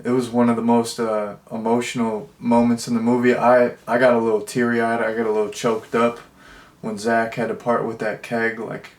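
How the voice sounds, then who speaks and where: A man's voice: mid-range voice, fairly quick, echoey room. Rambling casual man reviewing a movie. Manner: rambling, filler-heavy, jokey deadpan asides.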